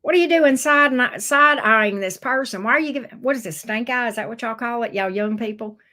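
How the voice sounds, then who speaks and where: A woman's voice: on the high side, a little fast, bright, forceful tone. A middle-aged woman giving a casual tarot reading, teasing and talking straight to the viewer in a sassy way. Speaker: tarot reader.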